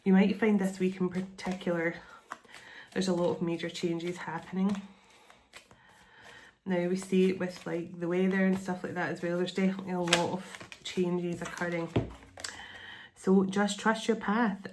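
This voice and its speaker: A middle-aged woman reads tarot and oracle cards for an online audience. Her voice sits somewhat low, and her delivery meanders, repeating phrases in an earnest, reassuring manner. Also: flat delivery, moderate pace, long pauses, noisy background. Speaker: tarot and oracle card reader. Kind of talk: channeled spiritual card reading.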